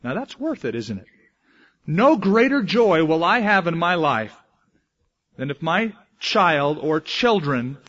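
A man's voice: on the high side, very animated, takes it slowly. Emphatic male preacher, lo-fi recording. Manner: emphatic, swings between loud declaration and hushed asides. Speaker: pastor. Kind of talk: sermon.

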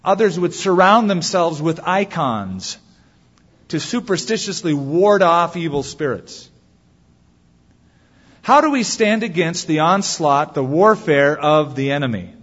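A man, a pastor, preaching a sermon and telling stories, acting out quoted lines with lively shifts. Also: a little high, unhurried, husky. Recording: dull sound with long hall reverb.

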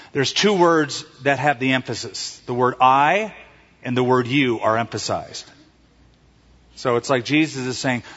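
A pastor in a mid-range voice preaches a sermon, animatedly telling stories and performing the voices of those he quotes. It was recorded in a church sanctuary with hall reverb and a dull, lo-fi sound.

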